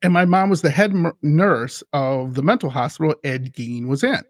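A man hosts a podcast with clean studio sound and no echo, his slightly high voice animated at a normal speed. In this casual chat he tells a story eagerly and ramblingly, restarting his sentences many times.

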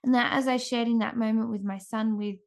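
A woman in her thirties, a mother, giving an earnest, gentle devotional talk with frequent restarts. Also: fairly high pitch, fairly even intonation, brisk.

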